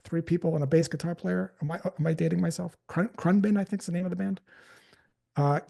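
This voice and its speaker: A man's voice: high voice, fairly even intonation, brisk, creaky, warm tone. A man giving a live sales training talk, casually telling stories and acting out the conversations in them.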